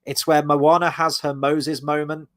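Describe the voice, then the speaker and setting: A man with a slightly raised pitch talks through a favourite film moment in casual podcast chat. He is animated and retells scenes vividly, with a casual swear here and there. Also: a little slow. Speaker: podcast co-host.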